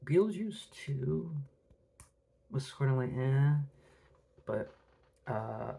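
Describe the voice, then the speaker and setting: Gravelly man chatting on his podcast. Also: mid-range voice, expressive, slow, mellow. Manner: rambling, with frequent restarts and fillers. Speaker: podcast host. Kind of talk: casual monologue.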